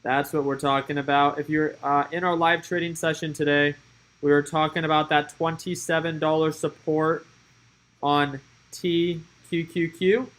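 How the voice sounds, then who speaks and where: A man's voice: on the high side, level tone, moderate pace, a bit bright, rough recording. A man giving casual live-stream commentary on stock market moves, chatty and thinking aloud as he watches the charts.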